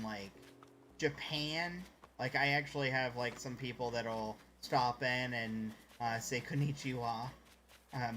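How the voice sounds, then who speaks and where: A man's voice: medium pitch, a bit bright, slight background noise. A man chatting casually on a live stream while gaming, rambling and greeting viewers by name.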